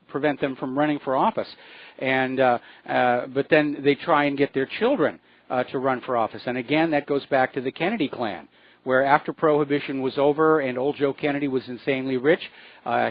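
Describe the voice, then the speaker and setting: A man hosting a call-in radio talk show, explaining his views in a measured way with frequent fillers. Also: mid-range voice, no echo, dull audio. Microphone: studio microphone.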